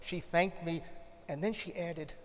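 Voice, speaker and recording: A man's voice: on the high side, a little slow. Man preaching a chatty sermon in a reverberant church. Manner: conversational storytelling with humorous asides.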